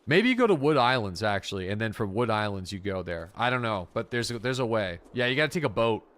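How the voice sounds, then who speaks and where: A man's voice: fairly low pitch, clean tone. A man from Atlantic Canada, chatting casually and swearing freely while he streams a game. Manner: animated, swearing, quick to laugh. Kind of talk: casual livestream chat while gaming.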